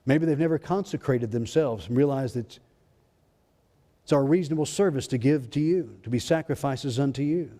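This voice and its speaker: A male pastor preaching a fervent sermon, swinging between loud exclamations and hushed, intimate lines. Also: mid-range voice. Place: church sanctuary. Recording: long hall reverb in a church.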